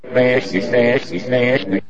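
A man with an Australian accent mimicking garbled backwards speech in slow, loud chanting repeats. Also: mid-range voice, fairly even intonation, muffled recording, a little hiss or hum, natural voice.

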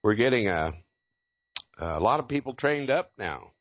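A man's voice: fairly low pitch, very animated, unhurried, no room sound, muffled recording. A man from Oregon chatting casually, telling anecdotes and laughing often. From Oregon, USA. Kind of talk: casual podcast chat.

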